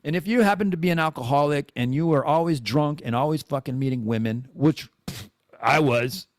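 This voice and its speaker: A man's voice: on the high side, brisk, no echo, studio quality. A man in his forties hosting a podcast, talking in a rambling, candid and self-deprecating way, full of profanity and restarts. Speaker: podcast host. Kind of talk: casual confessional monologue.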